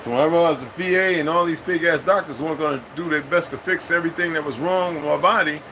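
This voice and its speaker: A fast-talking middle-aged man, a military veteran, rambles casually in a profane, streetwise monologue with sudden high-pitched bursts. Background noise is audible.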